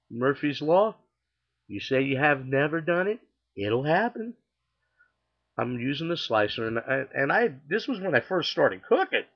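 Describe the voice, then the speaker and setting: A man's voice: on the high side, dull audio. Rambling chatty man telling stories. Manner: rambling and chatty, with frequent fillers and laughs. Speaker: storyteller. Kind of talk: casual personal storytelling.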